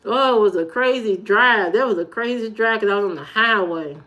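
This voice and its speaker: A woman from Indiana with an Indiana accent, chatting casually on a livestream and telling stories with animated jumps in her voice; her high voice can sound youthful. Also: moderate pace, dull audio. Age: adult. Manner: animated storytelling, jumps high when retelling. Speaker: livestream host. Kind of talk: casual livestream chat reading comments.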